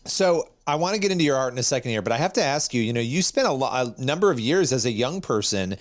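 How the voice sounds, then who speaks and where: A man's voice: mid-range voice, lively intonation, fast, no echo. Male host asking questions. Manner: curious, leads the conversation. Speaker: interview host. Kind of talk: interview questions.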